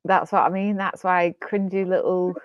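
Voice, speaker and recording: A woman's voice: fairly low pitch, steady tone, moderate pace, dry recording. A British woman co-hosting a casual chat, blunt and dismissive, laughing often. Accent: British English. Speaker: co-host. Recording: dull lo-fi dry sound.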